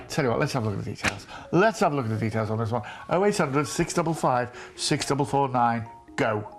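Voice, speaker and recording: A man presenting a live TV sales pitch, gushing and repeating prices and phone numbers. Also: animated, fairly quick, a little hiss or hum. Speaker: TV shopping presenter.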